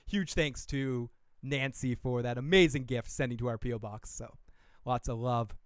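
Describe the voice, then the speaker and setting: On a casual podcast livestream, a man with a smooth, mid-range voice talks at a moderate pace while reacting to a trailer. He wanders off on tangents, swears without restraint, laughs, and mutters to himself, all in a dry recording with clean studio sound.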